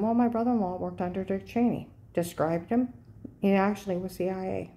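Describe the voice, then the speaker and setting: Talking to the camera with insistence and urgency, this vlogger keeps asking "okay?" while her pitch leaps up sharply whenever she gets worked up. Her delivery is brisk and her tone is dark.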